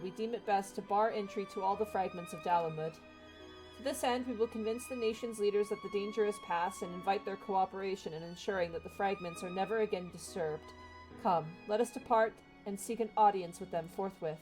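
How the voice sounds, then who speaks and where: A woman's voice: medium pitch, brisk, music in the background, natural voice. A woman voicing an earnest, polite young male diplomat, reading formal game dialogue in near her own voice.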